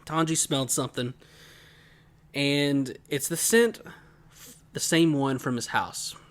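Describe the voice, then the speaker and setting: A man co-hosting a casual podcast, telling a family story in a lively way and laughing as he goes. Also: medium pitch, slow pace. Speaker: podcast co-host. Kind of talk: casual chat.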